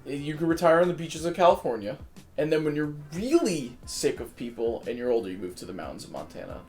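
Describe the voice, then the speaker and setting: A young man from New Jersey hosting a casual chat, joking about himself in animated banter. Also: a little high, fast talker, faint music behind. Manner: animated, self-deprecating banter. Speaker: podcast host.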